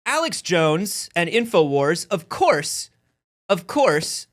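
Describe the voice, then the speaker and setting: His voice sits high and his pace is slow as this podcast co-host works through a lengthy comic anecdote on a casual talk show, performing the voices of the people involved.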